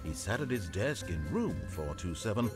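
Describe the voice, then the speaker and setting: A wry, all-knowing storyteller speaks in a dry, mock-solemn tone. His lowish voice rises and falls across a very wide range. Game music plays clearly underneath. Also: very animated, moderate pace. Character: dry wry omniscient male narrator. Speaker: game narrator. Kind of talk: scripted narration. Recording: game audio with music behind.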